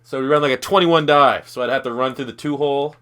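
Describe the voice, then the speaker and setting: A man's voice: medium pitch, quick pace, a bit bright, clean tone. A young man from Canada giving loose, profane, rambling commentary over his own football video game. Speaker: gaming YouTuber. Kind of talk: casual gameplay commentary.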